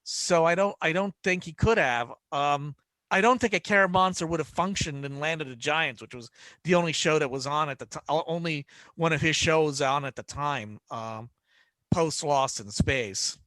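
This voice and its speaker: A man's voice: a little high, moderate pace, a bit bright, no echo. Rambling man telling stories in dry sound. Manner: rambling storyteller, many restarts, acts out quotes. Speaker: podcast panelist. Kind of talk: casual panel chat.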